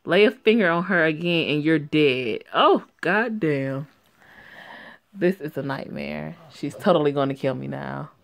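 A woman reading a story game aloud and reacting to it in a sassy, profane way that is quick to laugh. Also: low-pitched, lively intonation, creaky.

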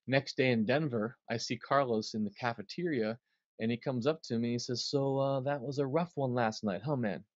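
A man's voice: mid-range voice, fairly quick, no room sound, dull audio. A man, a drummer, telling a story in an interview and acting out the quotes. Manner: animated storyteller, acts out quotes.

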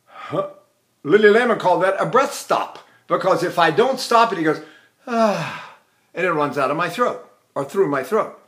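An older man teaching vocal technique, explaining calmly and breaking into operatic tenor singing and short staccato exercises. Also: high-pitched, fairly quick. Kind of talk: vocal technique lesson with sung demonstrations.

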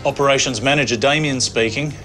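A man's voice: medium pitch, fast talker, natural voice. A man voicing a flustered, stammering male operations manager in a comedy web cartoon. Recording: music playing behind.

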